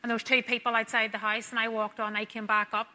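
A woman's voice: on the high side, flat delivery, quick pace, bright, forceful tone. A Northern Irish woman giving a personal faith testimony, chatty and heartfelt, acting out the dialogue as she tells it. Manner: chatty, acts out dialogue, says "wee" often. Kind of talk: heartfelt storytelling. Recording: long hall reverb.

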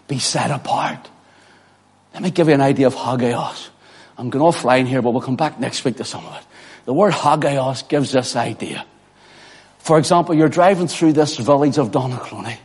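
A man preaching a sermon as pastor, dropping to near whispers and rising to ringing shouted cries. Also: mid-range voice, normal speed, long pauses, slightly rough. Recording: long hall reverb.

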